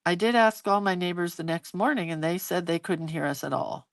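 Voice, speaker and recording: A middle-aged woman spinning a chatty story while she draws, voicing the people in it as she goes. Her voice sits a bit low for a woman. The sound is dry and close, with no room echo. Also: brisk. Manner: chatty, animated retelling with acted quotes. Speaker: hand-lettering creator hosting a live video. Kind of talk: casual storytelling while drawing.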